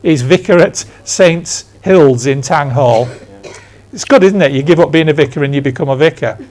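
A man's voice: a little high, normal speed, darkish tone. A man in his sixties from England, preaching a conversational sermon in church, telling stories with emphatic asides. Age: 60s. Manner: storytelling, emphatic, self-deprecating asides.

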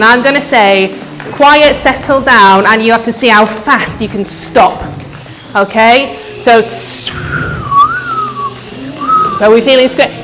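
A woman leading an interactive children's talk at church, coaxing the audience to join in, speaking into a microphone to a live crowd. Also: a little high. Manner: lively, coaxing, audience participation.

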